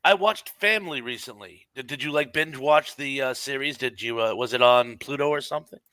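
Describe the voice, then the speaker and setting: Middle-aged man, co-host, reads viewer comments aloud, bright, slightly higher voice, dry close sound. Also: a little fast, smooth, dry recording, low-quality recording. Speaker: podcast co-host. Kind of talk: casual live-stream chat.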